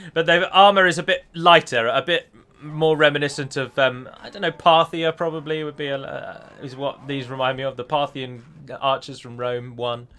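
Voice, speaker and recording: A man's voice: a little high, steady tone, normal speed, sharp tone. A man giving a chatty gameplay voice-over as a mod developer, often correcting himself as he explains.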